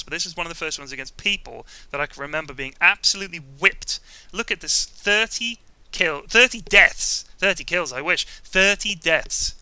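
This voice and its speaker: A man's voice: on the high side, pushed and bright, smooth, no room sound. A man vlogging casually about a video game, profane and self-mocking, rambling through jokes. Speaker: gaming vlogger.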